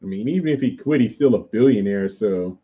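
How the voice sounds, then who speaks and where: A man's voice: fairly low pitch, expressive, fairly quick, dull audio. A man hosting a casual livestream, rambling as he answers viewers' comments aloud. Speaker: YouTube host reviewing a TV show.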